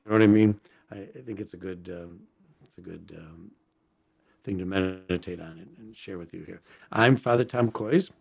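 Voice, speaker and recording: Man, priest, radio talk host, very low voice, gravelly, husky, halting with fillers. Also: steady tone, a little mellow. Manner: halting, many fillers and restarts. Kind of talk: Catholic radio talk on saints.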